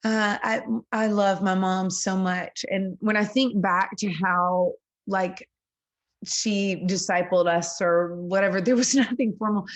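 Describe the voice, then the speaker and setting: Earnest, laughing woman songwriter. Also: mid-range voice. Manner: earnest, animated, quick laughs, lots of "like". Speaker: singer-songwriter guest. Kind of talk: casual interview conversation.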